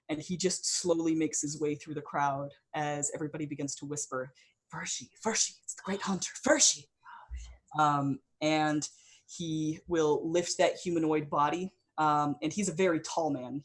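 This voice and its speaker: A woman narrating as game master in a tabletop game, loose and chatty with many fillers. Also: sits low.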